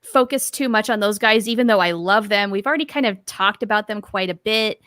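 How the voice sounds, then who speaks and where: A woman's voice: medium pitch, fairly quick, a bit bright, smooth, no echo, clean studio sound. A woman co-hosting a podcast, chatting casually and laughing often into a mic with a pop filter. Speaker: podcast co-host. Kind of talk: casual chat.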